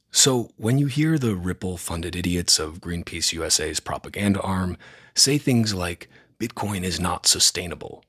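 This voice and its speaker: A man's voice: deep voice, fairly bright tone, slightly rough. A man hosting a news roundup podcast, reading from a script in a blunt, sarcastic, opinionated way. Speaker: podcast host.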